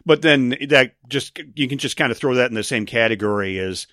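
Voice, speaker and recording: A man in his forties hosting a podcast, relaxed as he leads the chat and introduces segments. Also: mid-range voice, fairly quick, no room sound, studio quality. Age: 40s. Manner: relaxed, leads the show and runs the breaks. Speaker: podcast host. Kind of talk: casual chat.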